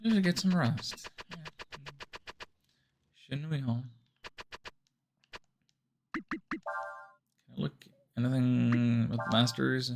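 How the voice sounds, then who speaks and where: A man's voice: mid-range voice, slow, gravelly, long pauses, over music. A man giving rambling, self-deprecating commentary while streaming a game. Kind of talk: casual let's-play commentary.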